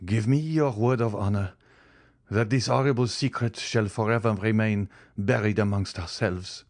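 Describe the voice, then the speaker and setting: A man voicing a shaken magistrate with a hoarse, low voice, begging for secrecy. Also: moderate pace, darkish tone, no echo, clean studio sound, lightly acted. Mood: entreating.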